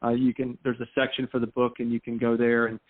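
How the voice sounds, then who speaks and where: A man's voice: medium pitch, completely flat delivery, fast. A man from North Carolina, a golf instructor guest chatting casually in an interview and rambling with frequent restarts. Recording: tinny phone line.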